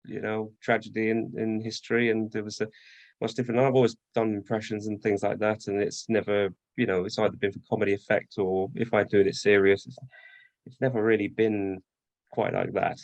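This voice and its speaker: A man's voice: on the low side, level tone, brisk, vocal fry, darkish tone, no room sound. A man who does voice acting, talking as a guest on a podcast, hesitant and full of fillers. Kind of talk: casual chat.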